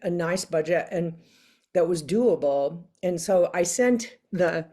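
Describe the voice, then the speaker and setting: An older woman as an interview guest, telling a story in casual chat, animated and acting out the voices she quotes with frequent laughs. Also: on the low side, slow pace.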